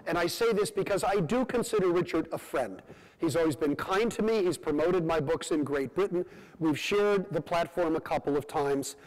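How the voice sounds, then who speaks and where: Guy giving a science lecture, fairly high voice, slow measured phrases, big echoey hall. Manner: measured, phrase by phrase with rhetorical pauses. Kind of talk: public lecture. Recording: long hall reverb.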